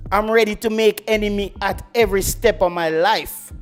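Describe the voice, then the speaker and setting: A man's voice: high-pitched, steady tone, normal speed, faint music behind. A Jamaican man hosting a football channel, ranting boastfully on a livestream and slipping into patois. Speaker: football YouTube host. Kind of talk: heated livestream football rant.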